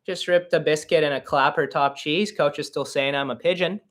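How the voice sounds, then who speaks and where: A man's voice: fairly high pitch, steady tone, moderate pace, fairly bright tone, lightly acted. A man voicing a chirpy young male Canadian hockey player who talks in folksy, slang-heavy banter, as a comedy bit. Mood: chummy.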